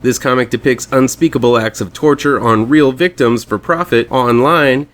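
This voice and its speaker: A man's voice: mid-range voice, moderate pace, fairly bright tone. A man hosting a weekly horror comics show, reading a scripted rundown with chatty, fan-like enthusiasm.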